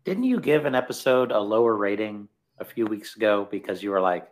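A man's voice: fairly low pitch, lively intonation, fairly quick, hardly any pauses. A man co-hosting a podcast in casual chat, teasing and a little hesitant. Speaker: podcast co-host.

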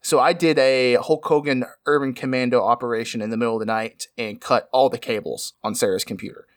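A man's voice: steady tone, brisk, dry recording, studio quality. A man hosting an improvised comedy podcast over a video call with a headset, skeptical and teasing. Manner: skeptical, teasing, with big pitch swings.

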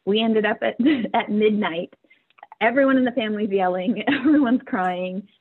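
A woman's voice: mid-range voice, moderate pace, breathy edge. A woman in her forties, a podcast guest, telling a personal family story candidly, earnest and emotional, often laughing through her words. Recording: tinny phone-like line.

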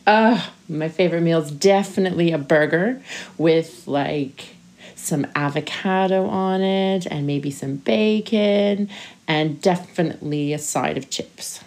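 A young woman from Nova Scotia, answering questions as a guest on a family podcast in a slow, thoughtful, playful way. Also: fairly low pitch, darkish tone. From Halifax, Nova Scotia, Canada. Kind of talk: casual family podcast chat.

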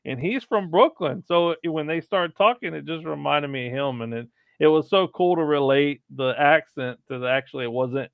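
Gravelly man on a tinny line. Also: a little high, moderate pace, hardly any pauses, no room sound. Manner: hesitant, many "um" fillers. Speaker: podcast panelist. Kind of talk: casual review chat. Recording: tinny phone line, dry.

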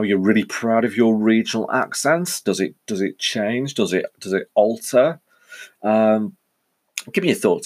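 On his solo podcast, a middle-aged man from England talks in a very low voice with a Northwest accent mixing Cheshire and Welsh-border sounds. His chat is casual and rambling, full of self-corrections.

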